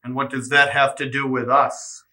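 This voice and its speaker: A man playing a pompous, self-important starship commander in a low-budget comedy sketch. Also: little pitch movement, moderate pace, bright, forceful tone. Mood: stern.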